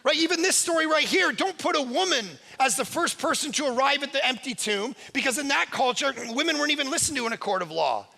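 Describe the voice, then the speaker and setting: Brief: energetic male guest preacher, very high, piercing bright voice, punchy and conversational. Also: fast talker, creaky, few pauses, in a large hall. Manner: energetic, emphatic, conversational with rhetorical "right?". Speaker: guest pastor. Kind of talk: sermon.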